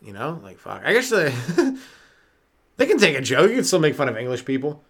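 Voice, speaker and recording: A sleep-deprived Canadian comedian rambles through his solo podcast, swearing freely and chuckling at his own jokes. His voice sits a little high for a man, loose and unpolished. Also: huge pitch swings, a little fast, fairly bright tone.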